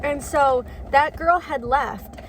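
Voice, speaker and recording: A woman's voice: high-pitched, takes it slowly, slight background noise, low-quality recording. A woman in her twenties telling a rambling, filler-heavy story in a car, laughing often. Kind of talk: casual storytelling. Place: inside a car. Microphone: phone camera.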